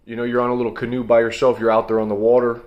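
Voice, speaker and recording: A man's voice: medium pitch, completely flat delivery, racing, muffled recording. A young man giving a blunt, emphatic motivational monologue as host of his own video channel, coaching listeners directly.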